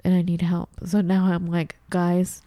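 Woman co-host, low mellow voice, dry close recording, lively casual talk. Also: moderate pace, no room sound. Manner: animated, acts out her own confused reactions in a high voice. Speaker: podcast co-host. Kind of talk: casual chat.

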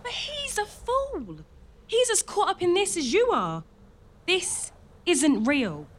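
A woman's voice: extremely high pitch, sing-song, takes it slowly, a little hiss or hum, full character voice. A woman playing an exasperated young princess. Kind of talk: comedy audio drama.

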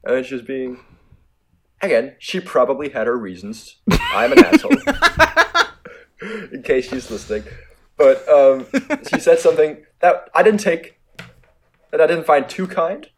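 A man's voice: on the high side, very animated, slight background noise. Rambling young man in a casual chat. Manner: rambling, self-mocking, quick to laugh. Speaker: podcast co-host.

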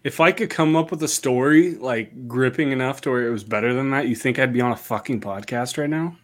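Man, mid pitch, blunt sarcastic banter on a podcast. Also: a little fast. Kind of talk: casual podcast chat.

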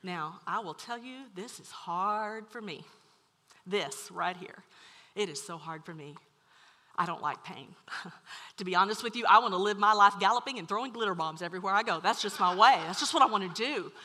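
Animated woman preaching in a reverberant hall. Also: medium pitch, normal speed. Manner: animated storytelling, swings from loud to hushed. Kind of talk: sermon.

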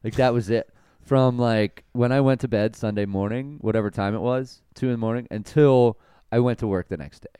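A man's voice: medium pitch, fairly quick, dark tone, clean tone, no echo. A young man co-hosting a podcast, chatting casually and profanely as he tells stories. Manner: profane, storytelling, laid-back. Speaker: podcast co-host. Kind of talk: casual chat.

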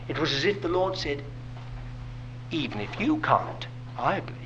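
A man's voice: a little high, fairly bright tone, muffled recording, slight background noise. A man preaching a sermon, asking rhetorical questions and dropping to a whisper for emphasis.

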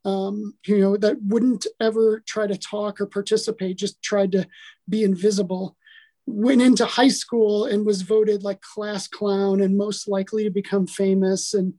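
A man from Milwaukee sharing his personal testimony as a podcast guest, earnest and animated, often restarting his sentences. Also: high-pitched, measured pace. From Milwaukee, Wisconsin, USA. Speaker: podcast guest, author and coach. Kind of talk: casual personal testimony in an interview.

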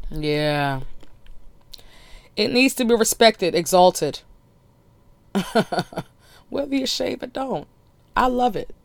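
A woman hosting a podcast, talking in a blunt, crude, animated solo monologue with laughing asides. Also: medium pitch, no echo. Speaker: podcast host.

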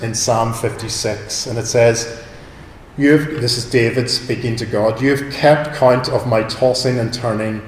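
Man, sermon, chatty and animated, big reverberant hall, faint ambience. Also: mid-range voice, slight background noise. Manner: conversational, animated preaching with rhetorical questions. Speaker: preacher. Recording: echoey hall with long reverb.

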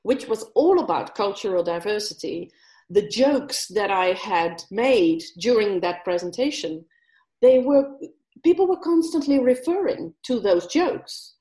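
A woman guest telling a story in a casual interview, animated, laughing often and mimicking accents. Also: medium pitch, unhurried, echoey room. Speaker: guest speaker.

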